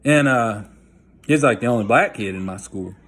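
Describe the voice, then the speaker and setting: A man of ordinary pitch recounts a personal story straight to the listener. His talk is blunt and folksy, full of slang and loose "you know" asides. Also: moderate pace, fairly bright tone. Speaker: vlogger telling a personal story. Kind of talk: casual storytelling monologue.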